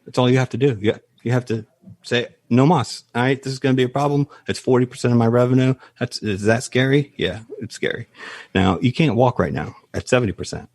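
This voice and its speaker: A man guesting on a business podcast, an animated storyteller who explains through analogies. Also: mid-range voice, brisk, dry recording, studio quality. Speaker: guest, practice valuation advisor. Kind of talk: podcast interview.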